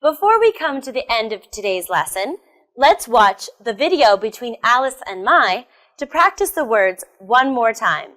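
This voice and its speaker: An American woman teaching English pronunciation, enunciating words slowly and carefully and encouraging learners with questions. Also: a little high, very animated, fairly bright tone. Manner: slow, careful enunciation with repetition. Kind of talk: pronunciation lesson.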